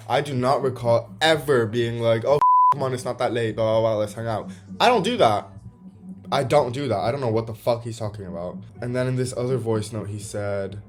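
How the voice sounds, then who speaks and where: A man vlogging an angry storytime rant about a friend, swearing and exasperated, quoting texts in mocking voices. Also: mid-range voice.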